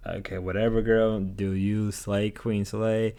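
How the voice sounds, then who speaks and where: A man's voice: lowish voice, level tone, unhurried, dark tone, clear, resonant tone. A man giving a dismissive recap commentary.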